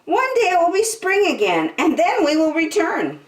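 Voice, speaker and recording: A woman voicing a kind, motherly female duck who speaks gently and soothingly. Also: very high voice, wildly swooping pitch, moderate pace, pitched above the performer's own voice, full character voice. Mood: reassuring. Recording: roomy, from a distance.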